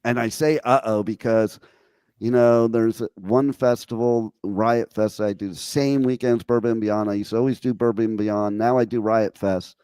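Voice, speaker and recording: A man's voice: on the low side, steady tone, moderate pace, warm tone, smooth, no echo. A man hosting a radio show, joking crudely and teasing his co-host. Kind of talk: casual radio banter.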